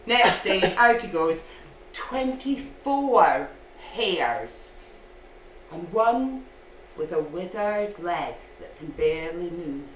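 Scottish woman storyteller, playful live telling; slow, lively pitch, distant roomy hall sound. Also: a little hiss or hum. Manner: playful, with asides and laughter. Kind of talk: live folk tale telling. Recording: echoey hall from far off.

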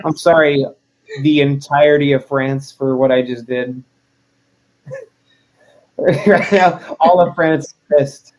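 A man's voice: on the high side, fairly even intonation, slow, pauses often, a little mellow. A man, a wrestler as interview guest, chatting casually in a joking, self-deprecating way.

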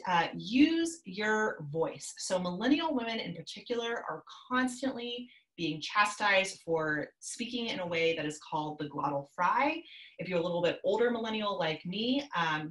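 A woman's voice: fairly low pitch, a bit bright, echoey room, poor audio. A woman in her thirties, a business coach, giving upbeat, chatty advice over a video call from her home office.

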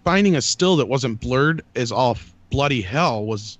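A man's voice: mid-range voice, animated, normal speed, no echo, lo-fi sound. A man hosting a casual online panel chat, blunt and steering the talk along, swearing now and then.

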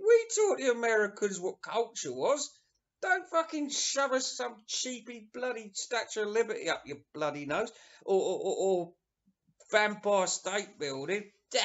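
A man giving a sweary, sarcastic rant while reviewing an album. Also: sits high. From England. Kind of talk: ranting casual review. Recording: dull lo-fi recording.

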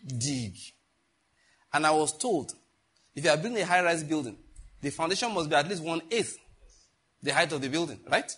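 Husky man preaching. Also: fairly high pitch, expressive, normal speed, pauses often, a bit bright. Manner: conversational, jokey, asks the congregation questions. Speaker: pastor. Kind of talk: teaching sermon.

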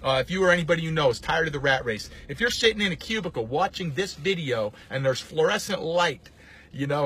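A man, a landlord and coach, rambling in a casual, salesy pitch to camera. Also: bright, forceful tone, husky. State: out of breath. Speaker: landlord and real estate coach.

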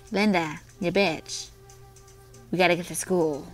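A woman's voice: on the low side, steady tone, unhurried, long pauses, faint music behind, rough recording. A woman playing through a visual novel, reading it aloud with sarcastic, profane asides. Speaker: let's play host.

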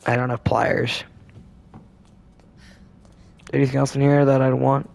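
A man's voice: mid-range voice, level tone, unhurried, gravelly, darkish tone. A man hosting a casual let's play commentary, rambling and laid-back with lots of filler words. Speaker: gaming channel host.

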